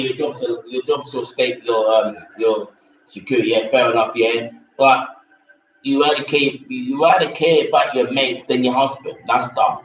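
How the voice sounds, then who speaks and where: A man talks in a loose, rambling way, circling back over the same blunt opinions again and again. His voice sits at an ordinary middle pitch. It comes from well back from the mic in a very echoey room, with a dull, lo-fi tone. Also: distant mic, slight background noise. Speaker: vlogger reviewing a reality show. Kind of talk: casual opinionated chat.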